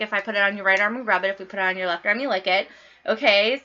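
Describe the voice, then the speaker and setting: A young woman giving a casual training demo for home parties, talking fast in a bubbly, bawdy way. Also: mid-range voice, pushed and bright, muffled recording. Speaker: party consultant training others.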